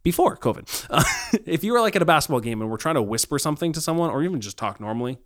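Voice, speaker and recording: A man co-hosting a casual faith discussion, talking reflectively with many pauses and ums. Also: a little high, big pitch swings, dry recording, clean studio sound.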